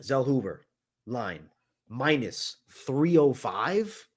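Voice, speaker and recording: A man's voice: medium pitch, big pitch swings, slow. A man hosting a casual sports betting chat, laid-back as he breaks down odds and picks. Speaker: host.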